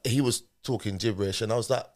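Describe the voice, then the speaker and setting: A lowish-voiced man talks fast as he shares a personal anecdote on a podcast, vividly performing the lines other people said during the conversation.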